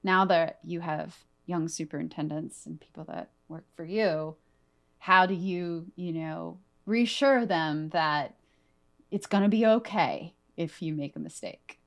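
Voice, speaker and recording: A woman's voice: low voice, unhurried, vocal fry, muffled recording. A woman hosting a podcast interview, earnest and upbeat, laughing easily with her guest. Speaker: podcast host. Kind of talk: conversational interview.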